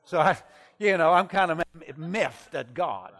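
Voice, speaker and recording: Middle-aged male preacher, slightly high voice, sermon storytelling, drops quiet then shouts. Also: measured pace. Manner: animated, swings from hushed to shouting. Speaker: traveling preacher.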